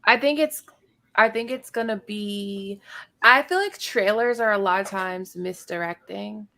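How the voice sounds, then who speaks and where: A woman's voice: medium pitch, unhurried, vocal fry, pushed and bright. A woman co-hosting a casual live after-show chat, firing off questions and restarting her thoughts often. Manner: tumbling questions, stops and restarts mid-thought. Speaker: co-host.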